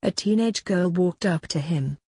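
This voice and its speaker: A woman reads a story aloud in an even, unhurried way. Her voice sits low with a dark, mellow tone and a husky edge, and the sound is close and dry. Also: dry recording. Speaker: narrator. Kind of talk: storybook reading.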